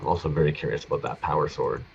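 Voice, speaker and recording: A very deep-voiced man co-hosts a casual livestream, rambling along and swearing freely. The audio is a little dull and lo-fi with a faint hiss. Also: quick pace, gravelly. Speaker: co-host.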